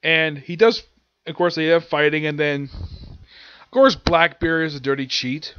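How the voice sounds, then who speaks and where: A man's voice: on the high side, a little slow, fairly bright tone, clear, resonant tone. A man casually recapping anime episodes in a rambling way, with lots of fillers and restarts. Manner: rambling, filler-heavy retelling. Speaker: anime reviewer. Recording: dull lo-fi dry sound.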